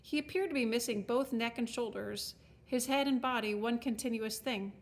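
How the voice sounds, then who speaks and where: A woman with a somewhat high voice reads a children's fantasy chapter aloud. Her narration is wry and expressive, paced like a storybook. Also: normal speed. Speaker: audiobook narrator.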